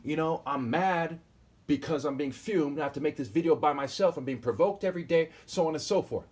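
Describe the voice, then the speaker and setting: A man in his forties with a husky, slightly rough voice holds forth alone on camera. He reads out verses and then rants about them, combative and insulting. He keeps pressing his point with a repeated "okay?". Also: on the high side, fairly quick, darkish tone. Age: 40s. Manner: preachy, keeps asking "okay?". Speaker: self-styled preacher. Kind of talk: solo video monologue reading and commenting on scripture.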